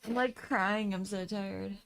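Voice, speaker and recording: A woman's voice: mid-range voice, fairly even intonation, a little slow, gravelly, fairly bright tone, clear, resonant tone. A tired young woman chatting casually on a stream, drowsy and giggly. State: sleepy, tired. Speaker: host's wife.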